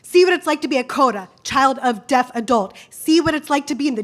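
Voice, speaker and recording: A woman's voice: high-pitched, expressive, brisk, few pauses, fairly bright tone. A woman who is a speech-language pathologist, giving an angry, blunt public comment at a school board meeting.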